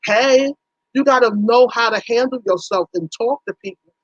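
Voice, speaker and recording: A woman's voice: on the high side, moderate pace, dry recording, dull audio. A woman hosting a casual livestream, chatting in a folksy way with her viewers and acting out little conversations. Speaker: livestream host.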